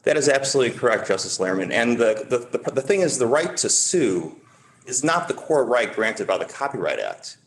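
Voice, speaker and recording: A man arguing for the petitioner before a high court, measured and emphatic, stressing key words as he builds his case. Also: big pitch swings. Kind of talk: formal appellate oral argument.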